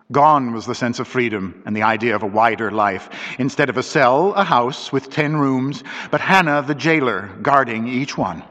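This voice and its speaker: A man's voice: medium pitch, a bit bright. Man narrating a story in a reverberant room. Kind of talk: scripted audiobook narration. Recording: dull lo-fi recording with long reverb.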